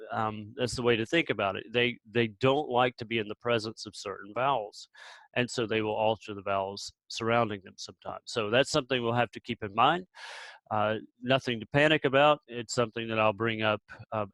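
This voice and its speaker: Pronouncing Biblical Hebrew for learners, a fairly low-voiced man takes his time, patiently repeating each sound with pauses and restarts. There's no echo, but the audio quality is poor.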